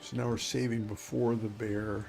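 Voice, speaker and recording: A man's voice: on the low side, level tone, normal speed, creaky, a little mellow, soft background music. A man in his fifties streaming a game and chatting casually, rambling to himself as he plays. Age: 50s. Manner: rambling, talks to himself, chuckles. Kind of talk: casual gameplay commentary.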